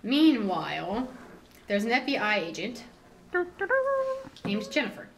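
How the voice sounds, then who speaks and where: A woman's voice: mid-range voice, big pitch swings, measured pace, vocal fry. A teenage girl casually retelling a novel's plot, slipping into quoted voices. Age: teens. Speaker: student storyteller. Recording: distant mic with background noise.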